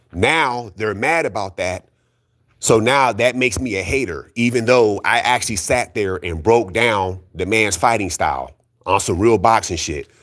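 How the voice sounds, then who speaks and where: A man with a low voice rants straight to his audience about boxing. He is blunt and profane and keeps hammering the same points. His delivery is insistent and argumentative. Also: a bit bright. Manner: keeps calling out critics, insistent. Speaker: boxing commentary YouTuber. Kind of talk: heated solo rant.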